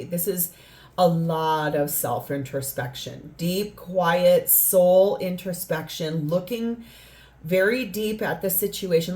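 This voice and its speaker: A woman's voice: fairly low pitch, a little mellow. A woman giving a spoken tarot reading, earnest and rambling, sometimes acting out what people say. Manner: earnest, rambling, acts out quoted lines. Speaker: tarot reader.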